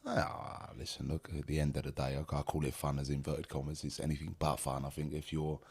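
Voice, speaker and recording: A man's voice: extremely low pitch, flat delivery, a little fast, vocal fry, a little mellow, breathy edge. A man in his thirties from North London with a London accent, a podcast guest speaking emphatically and casually, peppering his talk with street slang. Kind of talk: casual conversation.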